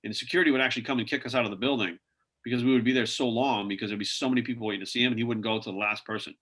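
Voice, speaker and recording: A man speaking as a podcast guest, rattling off stories at a quick clip. His voice is bright and forceful, and he strings thoughts together with fillers like "like" and "you know". The talk is loose and conversational. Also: medium pitch, fairly even intonation. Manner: rambling anecdotes full of "like" and "you know". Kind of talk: casual interview storytelling.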